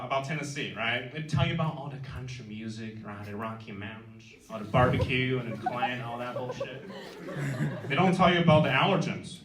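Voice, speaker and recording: A young man from China performing a crude, irreverent stand-up set with deadpan punchlines in front of a live university crowd. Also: mid-range voice, background noise. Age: young adult. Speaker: stand-up comedian. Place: university comedy event before a live audience. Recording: echoey room, distant mic, loud audience laughter.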